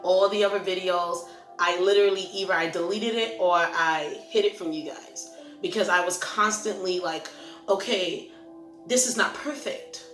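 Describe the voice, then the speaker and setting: A woman's voice: on the low side, fairly even intonation, normal speed, a bit bright. A woman hosting a Christian ministry channel, talking casually to camera in an earnest, rambling, self-reflective way. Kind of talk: casual encouraging talk to camera. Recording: roomy echo with faint music.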